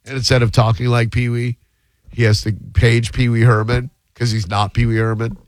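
A male radio host taking calls, making deadpan wisecracks in casual chat. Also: mid-range voice, normal speed, dry recording.

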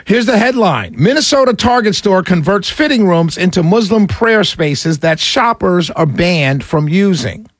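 A talk radio host fields calls in a bright, animated way. His voice sits a bit high for a man and comes across dry and close to the mic. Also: a little slow, hardly any pauses, dry recording. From Jamaican family roots. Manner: lively, apologetic and chatty with callers.

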